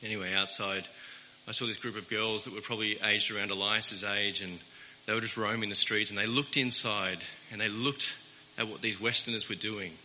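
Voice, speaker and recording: A man's voice: lowish voice, steady tone, brisk, pushed and bright. A man preaching a sermon as pastor, earnest and emphatic, repeating key words for weight. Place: church. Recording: reverberant church hall with faint hiss.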